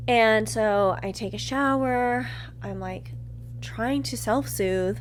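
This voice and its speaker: A woman podcast host telling a candid personal story, swearing freely and swinging from quiet murmurs to loud outbursts as she acts out her own reactions. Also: on the high side, takes it slowly, a little hiss or hum.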